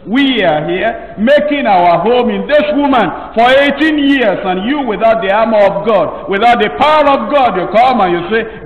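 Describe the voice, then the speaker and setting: A male pastor preaching a sermon slowly and emphatically, drawing out his phrases. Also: high-pitched, lively intonation. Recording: echoey hall from far off, dull.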